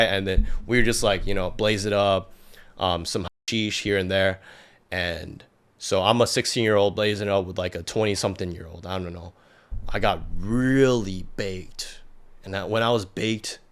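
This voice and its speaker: A man's voice: low-pitched, fairly bright tone. A young adult man, a podcast guest, telling a personal story in a rambling, casual way full of filler words and restarts.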